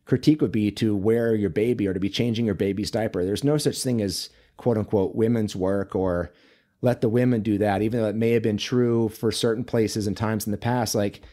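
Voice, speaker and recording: A mellow, fairly low male voice talks as a podcast guest, easygoing and chatty. He tells his stories loosely, with plenty of "like" and "you know". The tone stays relaxed and conversational throughout. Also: a little fast. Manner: relaxed, chatty storytelling with many fillers. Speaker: guest, men's coach and author. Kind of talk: casual interview conversation.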